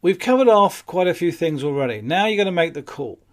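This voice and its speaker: A man teaching phone appointment-setting in a calm, matter-of-fact way, with light chuckles. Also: fairly high pitch, a little fast. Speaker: business skills trainer. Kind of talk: instructional talk on phone sales.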